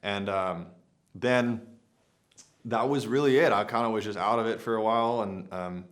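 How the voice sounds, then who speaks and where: Young male vlogger, lowish voice, loose rambling delivery full of fillers. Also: normal speed. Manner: rambling, many "like" fillers and restarts. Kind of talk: casual storytelling.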